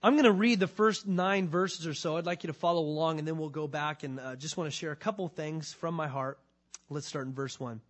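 A middle-aged male pastor with a somewhat high-pitched voice delivers a sermon. He moves from prayer to scripture reading to personal storytelling. His tone is earnest and conversational, swelling into emphatic bursts. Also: a little fast.

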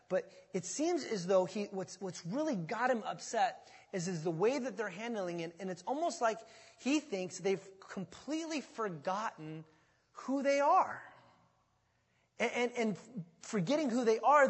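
A man preaching a sermon as pastor, talking in a conversational, animated way and joking with his congregation. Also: high voice, slightly rough, big-room sound.

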